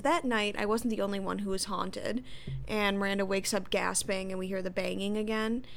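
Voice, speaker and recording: A woman's voice: medium pitch, creaky, smooth. A woman co-hosting a podcast, laughing often and adding wry asides during a casual recap. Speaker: podcast co-host.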